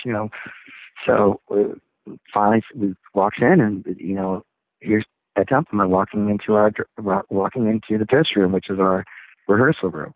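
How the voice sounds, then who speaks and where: Deep-voiced man on a phone line. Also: moderate pace, dry recording. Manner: rambling, animated storytelling with laughs. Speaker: rock singer, interview guest. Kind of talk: casual phone interview. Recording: tinny phone line, dry.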